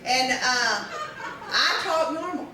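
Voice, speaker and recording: A woman's voice: high voice, animated, takes it slowly. A middle-aged woman from Texas with a Texas accent, doing a stand-up comedy routine with a ranting, incredulous delivery. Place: large room with a live audience. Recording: echoey room, distant mic, audience noise.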